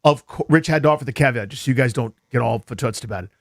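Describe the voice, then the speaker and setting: A man's voice: mid-range voice, racing. An American man hosting a sports radio show, telling rambling jokey stories in a casual studio chat. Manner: animated, jokey, rambling storyteller. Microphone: studio microphone.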